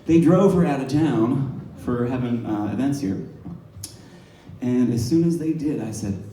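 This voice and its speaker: A man's voice: mid-range voice, measured pace, dark tone, a little hiss or hum. A male stand-up comedian telling profane, rambling stories at a bar. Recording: echoey bar from a distance. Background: laughing crowd.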